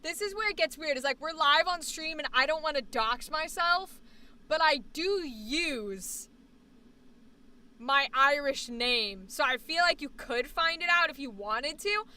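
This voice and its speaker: A woman's voice: high voice, animated, measured pace, pushed and bright. An American woman live streaming, chatting casually and rambling, with plenty of swearing. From United States. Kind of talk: casual chat.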